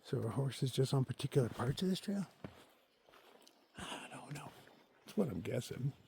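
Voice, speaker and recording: A man talking casually to his camera while hiking a forest trail, chatty and opinionated, thinking out loud to himself. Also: medium pitch, lively intonation, moderate pace, gravelly. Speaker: solo thru-hiker filming his hike. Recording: faint outdoor noise behind the voice.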